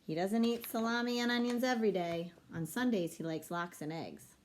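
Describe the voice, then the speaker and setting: A woman's voice: medium pitch, moderate pace, a little mellow, slight background noise, lightly acted. A woman voicing a matter-of-fact schoolboy chatting about his family. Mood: plain.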